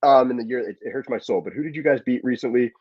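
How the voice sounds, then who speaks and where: A man debating football on a panel, talking fast, cutting in and acting out what players say. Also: mid-range voice, husky. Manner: fast, interrupting, acts out quotes. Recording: dull dry remote call audio.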